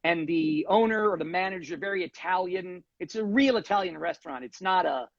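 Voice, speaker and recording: Gravelly, high-voiced man telling stories. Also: fairly quick, no room sound, highs cut off. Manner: animated anecdotes with acted quotes. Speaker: guest. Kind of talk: casual storytelling.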